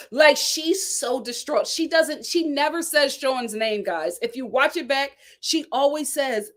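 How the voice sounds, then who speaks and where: A woman's voice: sits high, a little slow, few pauses. A woman hosting a reality TV recap, talking casually and sassily, laughing and acting out the people she quotes. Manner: sassy, animated, laughing, acts out quotes.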